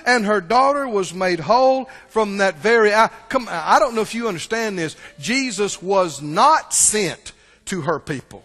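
A male preacher delivering an animated sermon and calling for answers from the congregation. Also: high-pitched, a little slow. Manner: animated, calls for responses from the congregation. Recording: long church-hall reverb.

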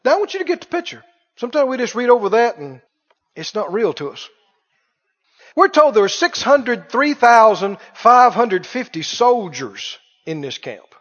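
A man preaching a sermon to a congregation in an auditorium, dramatic and questioning, slowly drawing out key words. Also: very high voice, very animated, a bit bright. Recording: dull lo-fi sound with long hall reverb.

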